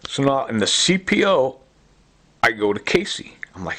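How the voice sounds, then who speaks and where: A man's voice: mid-range voice, sing-song, normal speed, fairly bright tone. Agitated middle-aged man. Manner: agitated, repetitive, many fillers. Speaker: self-recorded complainant. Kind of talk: rambling personal testimony.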